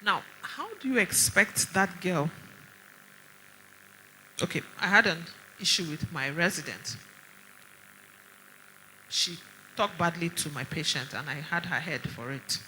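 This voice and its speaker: Nigerian lady doctor giving a conference talk, bright forceful voice, tells stories and fires off questions. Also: on the low side, measured pace, long pauses, a little hiss or hum, poor audio. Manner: animated storyteller with pointed rhetorical questions. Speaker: doctor speaking at a women's conference.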